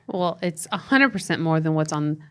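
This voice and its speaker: A woman's voice: low-pitched, expressive, moderate pace, a bit bright. A middle-aged woman co-hosting a parenting podcast, adding wry comments in casual chat. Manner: wry interjections, laughs easily. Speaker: podcast co-host.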